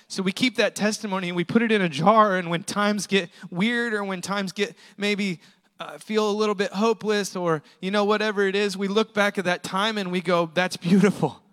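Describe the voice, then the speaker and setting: A male pastor delivers a storytelling sermon with a high, bright, forceful tone. He talks casually and emphatically, tossing in quick asides. His voice rings with the long reverb of a large hall. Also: steady tone.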